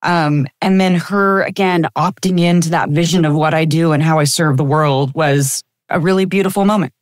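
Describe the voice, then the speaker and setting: A woman's voice: sits low, normal speed, no room sound. Reflective storytelling woman in her fifties. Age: 50s. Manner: reflective, anecdotal, with frequent fillers. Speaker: chiropractor and practice owner, podcast guest. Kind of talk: casual interview storytelling.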